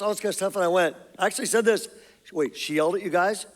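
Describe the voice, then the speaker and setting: Pastor, middle-aged male, light joking delivery, slightly raised pitch. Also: fairly even intonation. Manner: joking, asks the crowd quick questions. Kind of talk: sermon. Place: church stage before an audience.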